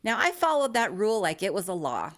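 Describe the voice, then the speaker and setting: A woman's voice: mid-range voice, big pitch swings, fairly quick. Wry woman in her fifties, self-mocking. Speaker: YouTube creator. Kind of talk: scripted comedic monologue.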